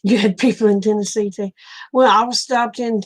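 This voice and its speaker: Chatting casually with her livestream viewers, an Oklahoma woman with a matching accent tells folksy stories and laughs often. She speaks at a moderate pace in a mid-range voice with a steady tone.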